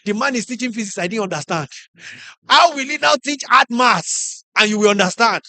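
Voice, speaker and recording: A middle-aged man with a Nigerian English accent giving a lively motivational talk to teachers, acting out classroom stories and putting questions to the audience. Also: high-pitched, a little fast, dry recording. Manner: animated storyteller, acts out classroom scenes, asks the audience questions. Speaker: conference speaker.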